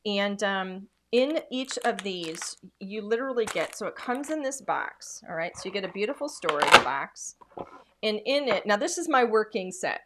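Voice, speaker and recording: A woman's voice: medium pitch, a bit bright, slight background noise. A woman demonstrating craft products in a casual, chatty way, full of enthusiasm and filler words.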